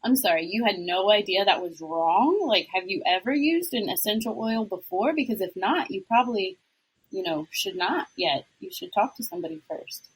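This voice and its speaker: A woman's voice: mid-range voice, animated, normal speed, a little hiss or hum, poor audio. A woman who is a guest on a podcast, chatting casually and reacting with exclamations. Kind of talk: casual chat.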